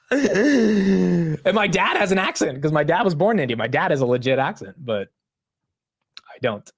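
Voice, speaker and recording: A man from the United States hosts a market-commentary live stream in a high-pitched, husky and very animated voice, speaking at a measured pace with long pauses. He chats in slang, laughs often and keeps calling viewers bro and dude.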